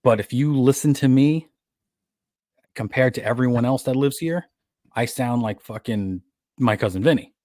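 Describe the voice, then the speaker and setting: A man with a New York accent co-hosts a podcast, chatting casually and rambling, often starting his sentences over as he tells his stories and corrects himself. His voice is medium in pitch and dark in tone, moving at a moderate pace with long pauses. The recording is clean studio sound with no room sound.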